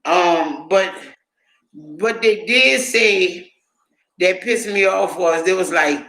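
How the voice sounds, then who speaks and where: A woman's voice: on the low side, slow, fairly bright tone. A woman vlogger talking in a casual, rambling monologue, profane and indignant. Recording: echoey room.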